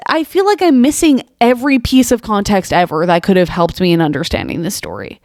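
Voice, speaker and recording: A woman's voice: mid-range voice, animated, a little fast, few pauses, darkish tone, no room sound, clean studio sound. A young woman hosting a comedy monologue show, reading social media posts aloud and reacting with exasperated, incredulous rhetorical questions. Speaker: podcast host.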